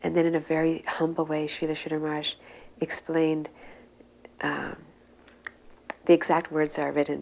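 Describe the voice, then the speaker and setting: An older woman telling memories in a soft, unhurried way, often pausing to search for words. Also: low voice, vocal fry, slight background noise, rough recording. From United States. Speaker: interviewee. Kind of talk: reminiscing storytelling.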